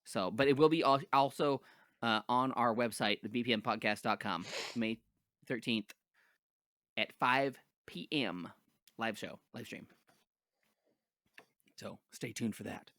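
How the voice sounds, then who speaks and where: A man with a bright, forward voice, chatting loosely among friends on a podcast. He jokes, trails off and restarts, and his voice sits close and dry on the mic. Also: medium pitch, a little slow, long pauses, dry recording. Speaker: podcast co-host. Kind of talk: casual chat.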